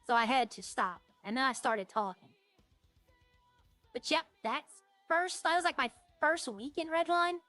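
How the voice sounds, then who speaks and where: Higher-voiced woman streaming a game. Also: unhurried, pushed and bright, no echo, faint music behind. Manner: rambling, thinking aloud. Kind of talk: casual gameplay chat.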